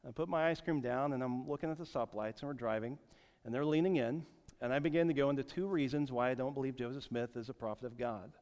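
Speaking quickly at a medium pitch with a darkish tone, a forties-aged pastor delivers a sermon. He recounts a story with earnest feeling and frequent word repetition, and the echoey hall leaves the sound dull.

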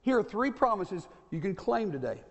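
High-voiced older preacher in a reverberant church. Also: male voice, big pitch swings, moderate pace, fairly bright tone. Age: 60s. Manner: folksy, repeats key points, asks the congregation "okay?". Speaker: pastor. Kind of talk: sermon. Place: church sanctuary.

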